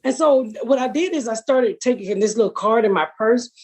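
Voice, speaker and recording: A woman's voice: on the high side, lively intonation, fairly quick, a little mellow, slight background noise. A middle-aged woman hosting a podcast, telling stories in a blunt, profane, casual way. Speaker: podcast host. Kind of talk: casual chat.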